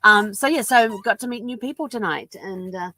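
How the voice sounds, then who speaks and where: A woman's voice: mid-range voice, a little fast, bright, forceful tone, no echo, clean studio sound. A woman from New Zealand with a New Zealand accent, chatting casually in a rambling daily vlog, full of ums. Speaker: vlogger. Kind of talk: casual chat. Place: at home with her dog.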